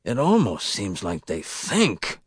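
A doleful, frightened mill worker grumbles in rough working-class speech, as a man reads him aloud. The voice sits low. The sound is dry and close. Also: wildly swooping pitch, slow, no room sound, exaggerated voice. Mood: miserable. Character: whining, fearful male mill worker.

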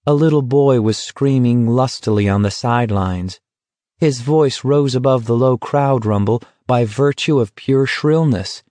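An audiobook narrator reads a novel in scripted narration, his storytelling even and unhurried. His mid-range voice is studio quality with no room sound.

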